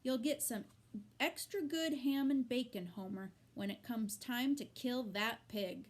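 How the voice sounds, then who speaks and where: A woman reading aloud and voicing a middle-aged farmer who speaks slowly and matter-of-factly. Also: fairly high pitch.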